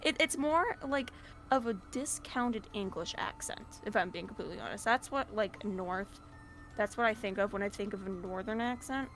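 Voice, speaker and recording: A woman chatting casually on a stream, animated and giggly, often trailing off mid-thought. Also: medium pitch, moderate pace, faint music behind.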